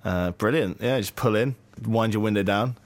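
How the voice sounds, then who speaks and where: A young British man chatting on a podcast in a loose, rambling way, full of pauses and fillers. His voice is on the low side. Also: dry recording. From Britain. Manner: rambling, halting with many fillers. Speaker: podcast co-host. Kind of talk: casual chat.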